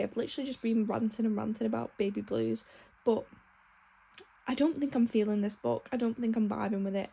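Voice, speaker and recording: A woman's voice: fairly high pitch, gravelly, warm tone, breathy edge. A young woman chatting casually in a vlog, frank and ranting, swearing freely. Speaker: book vlogger.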